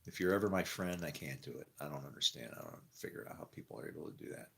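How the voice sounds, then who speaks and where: A man giving a rambling personal monologue, laughing often and trailing off into quiet mumbles. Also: a bass voice, lively intonation, fast talker, gravelly, slight background noise. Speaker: storyteller.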